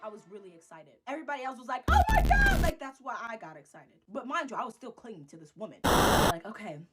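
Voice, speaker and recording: High, lively woman telling a frantic story. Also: quick pace, loud music behind the voice. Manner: dramatic, swears freely, acts out her own panic. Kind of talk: comedic personal storytelling.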